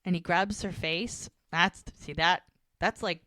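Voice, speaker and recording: A woman's voice: on the low side, unhurried, no room sound, clean studio sound. Woman animatedly recapping a scene. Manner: animated retelling, acting out both characters' lines. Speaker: podcast co-host. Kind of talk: casual recap chat.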